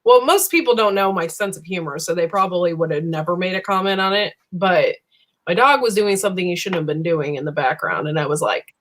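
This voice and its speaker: A woman's voice: lowish voice, a little fast, a bit bright. A woman hosting a casual live-stream chat, talking. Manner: chatty, rambling, lots of fillers and 'you know'.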